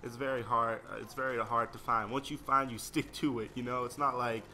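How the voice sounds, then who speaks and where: A man's voice: mid-range voice, steady tone, brisk, sharp tone, slight background noise. A young man rambling through casual gameplay commentary and stories, slangy and easily sidetracked. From United States. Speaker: gaming video creator.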